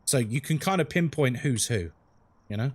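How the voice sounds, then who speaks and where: Chatty London man, lively voice. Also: mid-range voice, normal speed. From England. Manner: chatty and frank, answers chat while playing. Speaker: streamer. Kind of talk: live game stream chat.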